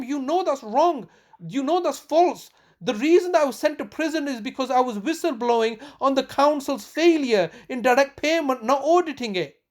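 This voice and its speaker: High-voiced agitated woman. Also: animated, moderate pace, darkish tone. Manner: accusatory, insistent, repeats herself with restarts. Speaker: family member confronting a council official. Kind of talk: heated recorded phone call.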